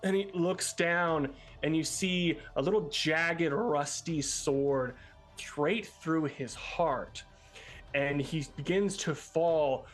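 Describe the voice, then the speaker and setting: Male GM, slightly high voice, unhurried loose narration. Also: faint music behind. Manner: relaxed, filler-heavy storytelling. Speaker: game master. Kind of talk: narrating a tabletop game.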